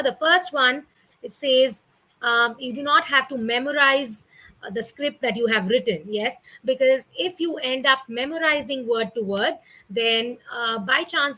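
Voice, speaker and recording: A woman's voice: on the high side, pushed and bright, low-quality recording. A young woman, teaching an online class in a chatty way, often ending with "isn't it?" and "right?". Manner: chatty, with tag questions and fillers.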